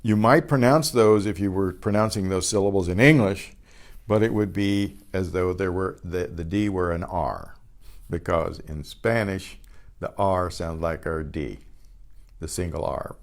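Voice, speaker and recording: An older man teaching a beginners' Spanish class, patiently sounding out each word twice and explaining pronunciation in a relaxed way. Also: low voice, vocal fry. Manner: patient, repeats each word slowly, trailing off quietly after explanations. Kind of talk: slow pronunciation lesson with repetition.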